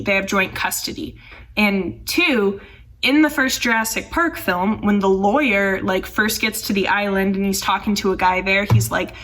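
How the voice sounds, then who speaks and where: A woman's voice: medium pitch, fairly bright tone, recorded from a distance. Chatty young woman, a bit off-mic. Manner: chatty, rambling, heavy use of "like", sarcastic asides. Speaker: film commentary YouTuber. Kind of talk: casual film review commentary.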